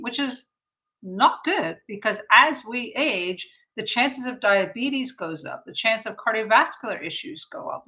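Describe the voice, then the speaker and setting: A woman's voice: medium pitch, poor audio. A woman in her fifties, a naturopathic doctor hosting a casual live-stream, talking chattily to viewers and acting out her own thoughts. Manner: chatty and animated, with many fillers and quoted self-talk. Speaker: naturopathic doctor and show host.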